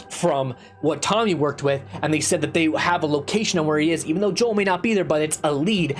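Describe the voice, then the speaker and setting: A man giving a casual spoken game review, rambling and repeating himself with restarts and swearing, and getting exasperated as he complains. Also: fairly high pitch. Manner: exasperated, rising into loud complaint.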